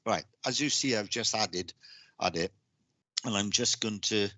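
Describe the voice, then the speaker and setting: A man giving live psychic readings on a stream, speaking haltingly with lots of repeated words and restarts. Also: fairly low pitch, pushed and bright, no room sound. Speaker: psychic reader.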